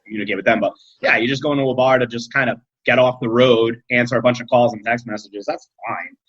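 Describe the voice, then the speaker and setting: Husky-voiced man in casual talk. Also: medium pitch, fairly even intonation, fast, fairly bright tone, no echo. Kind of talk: casual chat. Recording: dull lo-fi podcast audio.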